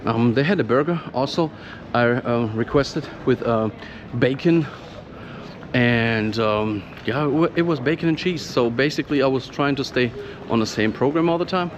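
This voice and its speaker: A man's voice: medium pitch, moderate pace. German-accented man vlogging, noisy. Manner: rambling, many fillers, hushed inside the church. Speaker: travel vlogger. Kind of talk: casual walking vlog. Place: town square, then inside a church. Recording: muffled, noisy background.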